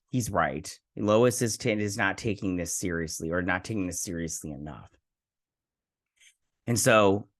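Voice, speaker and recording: A man's voice: low voice, a bit bright. A man hosting a TV review, casually recapping an episode in a rambling way with lots of fillers and quoted lines. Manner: rambling retelling full of fillers and "he's like" quotes. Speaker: host and TV reviewer.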